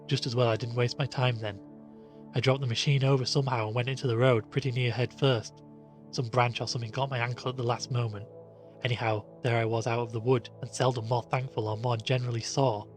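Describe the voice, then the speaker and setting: A man doing a rueful gentleman telling his ordeal. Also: medium pitch, lightly acted. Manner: rueful, animated storytelling. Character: young gentleman cyclist, shaken and rueful.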